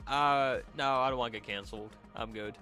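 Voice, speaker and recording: A man's voice: mid-range voice, fairly even intonation, fairly quick, sharp tone, faint music behind. A young man streaming, chatting casually with his chat, rambling and laughing with many restarts, his nose a little stuffy. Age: young adult. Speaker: vtuber streamer.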